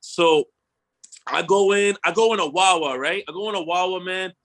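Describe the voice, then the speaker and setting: Casting: young male podcast host, high and bright, animated slangy storyteller who swears freely. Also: normal speed. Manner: animated storyteller, slangy, swears, acts out his own quotes. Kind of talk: casual storytelling chat.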